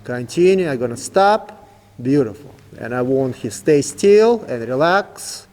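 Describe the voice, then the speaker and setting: Calm man coaching a horse, reverberant. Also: mid-range voice, unhurried. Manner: calm, coaxing commands to a horse, in simple non-native English. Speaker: horse trainer. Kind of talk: instructional demonstration.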